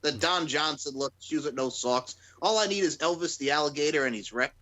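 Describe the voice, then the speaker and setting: A man co-hosting a wrestling podcast, loud and joking with crude humor and frequent laughter. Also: on the high side, a little fast. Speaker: podcast co-host. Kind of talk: casual podcast banter.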